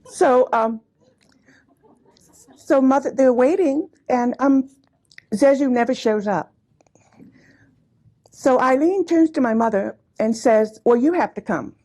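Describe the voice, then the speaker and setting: Older woman, storyteller at a gathering; light, high voice, mellow tone, chatty with asides. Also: slow pace, long pauses. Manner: chatty, warm anecdotes with frequent laughs and asides. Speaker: speaker at a commemorative gathering. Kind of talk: personal storytelling talk. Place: hall before a live audience.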